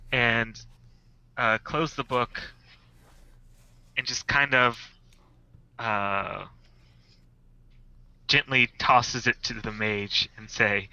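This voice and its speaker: A man playing in a tabletop game, describing his character's actions in an unhurried way. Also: mid-range voice, bright, forceful tone, clear, resonant tone, dry recording, low-quality recording. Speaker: player. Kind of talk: tabletop role-play.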